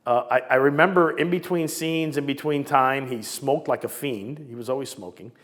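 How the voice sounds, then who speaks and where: A man in his sixties from Southern California, telling old stories in a casual, lively way and acting out the people he quotes. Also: mid-range voice, normal speed, long reverb tail. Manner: animated, acts out quoted voices. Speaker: storyteller recounting memories. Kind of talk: casual storytelling interview.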